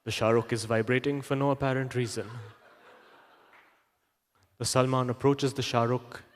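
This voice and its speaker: A comedian playing a solemn male wildlife documentary narrator, slow and hushed. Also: medium pitch, fairly even intonation, pitched below the performer's own voice, lightly acted. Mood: grave. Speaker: stand-up comedian. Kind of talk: live stand-up comedy. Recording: reverberant hall, live stage mic.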